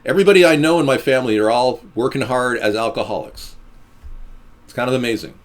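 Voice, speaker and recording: A man hosting a live stream, talking to his viewers in a sarcastic, ranting, jokey way and swooping between high and low voices. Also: fast.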